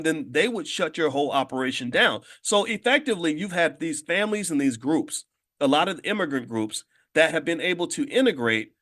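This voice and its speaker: A man with a slightly high voice gives a morning motivational talk to his audience. He is emphatic and conversational, piling up rhetorical questions and repeated phrases, and often restarts his sentences. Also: a bit bright. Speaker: host and finance educator.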